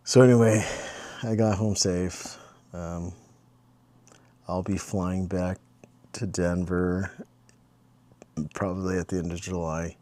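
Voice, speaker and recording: Male vlogger, low-pitched, slow and meandering, casual storyteller. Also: darkish tone. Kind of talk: casual late-night vlog chat.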